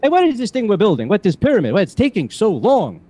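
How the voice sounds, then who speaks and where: A man voicing a whiny little old Hebrew slave with a Yiddish-inflected accent, kvetching in stammering rapid questions over a video call. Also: high-pitched, huge pitch swings, mellow, breathy edge, dry recording, pitched above the performer's own voice, exaggerated voice. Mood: complaining.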